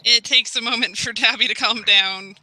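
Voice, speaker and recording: A woman's voice: a little high, steady tone, moderate pace, noisy background. A woman player in a tabletop role-playing game, chatting casually and earnestly.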